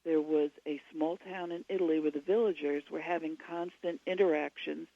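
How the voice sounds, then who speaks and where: A woman's voice: sits low, steady tone, brisk. A woman guest talking casually in a radio interview, chatty and full of restarts, heard over a remote line. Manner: chatty, many fillers and restarts. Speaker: guest author. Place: at home. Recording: slightly dull lo-fi line.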